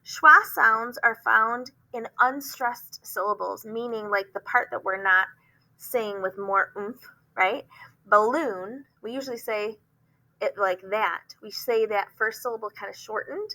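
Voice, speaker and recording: Bright-voiced woman teacher explaining phonics. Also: on the high side, low-quality recording. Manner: explanatory, frequent "um" fillers, slow demonstrations of words.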